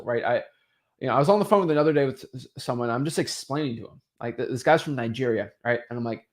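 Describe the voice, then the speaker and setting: A man in his fifties giving a motivational real estate lesson, energetic and animated, often restarting mid-sentence. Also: mid-range voice, fast. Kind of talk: motivational teaching monologue.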